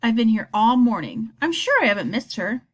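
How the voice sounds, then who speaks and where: Woman doing a soft-spoken kind old receptionist. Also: a little high, big pitch swings, a little fast. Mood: reassuring. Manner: gentle, reassuring.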